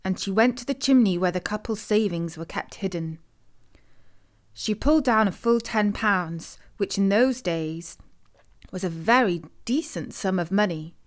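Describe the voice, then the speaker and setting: A woman storyteller reading a traditional tale in clear, measured scripted narration. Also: mid-range voice.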